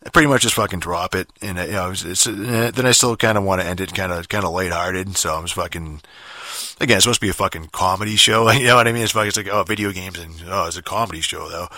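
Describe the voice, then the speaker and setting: A man's voice: low-pitched, fast talker, pushed and bright, no room sound, studio quality. A man from Boston with a mumbly, slightly slurred voice, telling a long profane story in a rambling casual way, full of restarts and repeated words.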